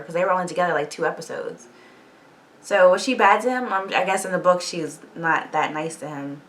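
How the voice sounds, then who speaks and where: A woman recapping a TV episode in a casual, animated reaction vlog, swearing freely and laughing often. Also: medium pitch, recorded from a distance. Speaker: TV show reaction vlogger.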